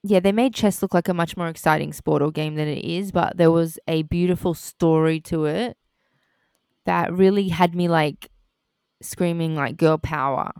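A woman in casual chat about a show, playful with quick asides. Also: on the low side, fairly even intonation, dark tone, clear, resonant tone, no echo, studio quality.

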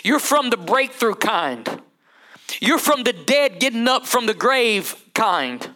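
A male pastor preaching a sermon in an animated, conversational way, calling out to the congregation. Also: very high voice, slow pace. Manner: animated, conversational, calls to the crowd.

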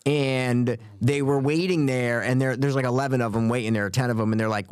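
A man co-hosting a podcast in casual chat, animated and repeating his points for emphasis. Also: a little fast, hardly any pauses, no echo, studio quality. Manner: animated, acts out quotes with big pitch jumps. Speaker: podcast co-host.

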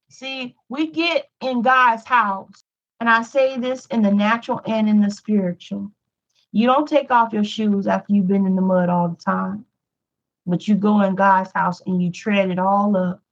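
A woman's voice: fairly high pitch, measured pace, muffled recording. A woman teaching a Bible study in a pleading preaching style, repeating lines for emphasis. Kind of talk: preaching sermon.

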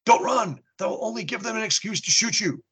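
Man doing defiant clown, firm, commanding, raised pitch, husky. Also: animated, measured pace, a bit bright, full character voice. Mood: urgent. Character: brave Jewish clown, calm and defiant man.

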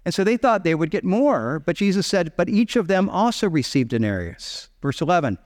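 Animated male pastor in a reverberant hall. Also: high voice, brisk. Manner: animated storytelling, acting out voices of characters. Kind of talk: sermon. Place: church sanctuary.

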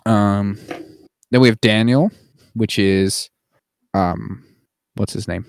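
A man's voice: on the low side, slow pace, vocal fry, smooth, dry recording, studio quality. A man co-hosting a podcast, casually recapping a movie with lots of fillers and the odd mocking put-on voice. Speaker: podcast co-host. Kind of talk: casual chat.

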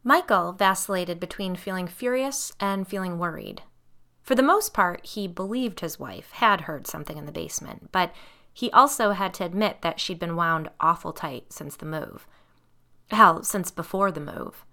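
A woman reading an audiobook in a measured, suspenseful narration. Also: on the low side, a bit bright.

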